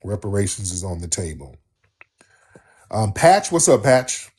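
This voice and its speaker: A man's voice: lowish voice, measured pace, breathy edge. A man hosting a call-in talk show, talking emphatically and repeating himself as he answers callers. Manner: emphatic, repetitive, animated on-air chatter. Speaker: radio show host taking callers.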